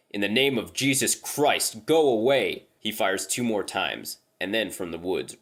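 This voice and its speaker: Deep-voiced man reading a horror story. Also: creaky, a bit bright. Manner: casual, profane storytelling tone.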